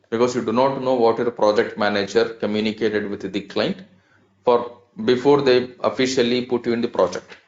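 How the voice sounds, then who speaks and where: A man with an Indian English accent giving an online training lecture on finance software, offering earnest career advice and often repeating his points. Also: mid-range voice. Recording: roomy, dull lo-fi audio.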